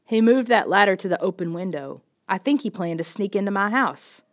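A woman reading as a raspy grumpy old neighbor. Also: mid-range voice, lively intonation, a little fast, natural voice. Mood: menacing. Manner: threatening, through clenched teeth.

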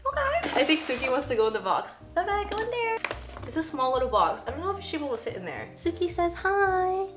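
Casting: bubbly, chatty woman YouTuber in her twenties, high, lively voice, echoey room with faint music. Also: a little fast. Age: 20s. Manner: bubbly, chatty, giggly, emotional asides. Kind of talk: casual unboxing vlog.

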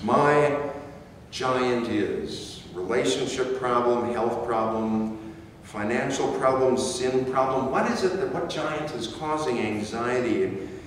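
A man preaching a sermon as pastor, slow and emphatic, repeating key phrases for weight. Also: mid-range voice, slight background noise. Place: church sanctuary. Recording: echoey hall from far off.

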